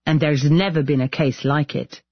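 Husky man narrating a documentary. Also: on the high side, steady tone, moderate pace, no room sound, dull audio. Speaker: journalist presenter.

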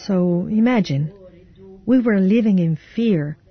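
Husky woman voicing a translation. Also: mid-range voice, animated, takes it slowly, lo-fi sound. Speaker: interpreter voice-over. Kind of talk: translated voice-over.

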